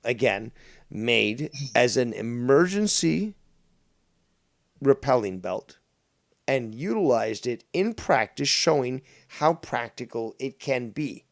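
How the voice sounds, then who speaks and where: A man's voice: mid-range voice, expressive, slow pace, gravelly, dry recording. Rambling Canadian man, dry close mic. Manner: rambling, full of ums and restarts, swears casually. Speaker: guest. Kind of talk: casual podcast chat.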